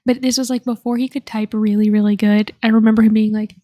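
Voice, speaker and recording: Young female co-host, higher voice, mellow tone, chatty and giggly, dry sound. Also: flat delivery, fast, dry recording. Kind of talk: casual chat.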